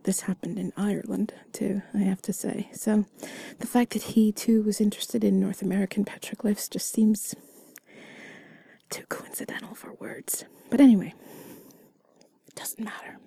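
A woman's voice: mid-range voice, fairly even intonation, normal speed, gravelly, dark tone, slightly rough, no echo. A young woman in a whispered role-play, speaking intimately to a partner, giggly and self-deprecating. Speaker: audio role-play creator.

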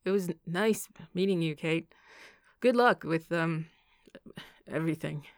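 A woman's voice: fairly low pitch, measured pace, no room sound, studio quality. A woman reading the part of an uneasy young man who hesitates and stammers. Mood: awkward. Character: awkward irritated young man, Evan.

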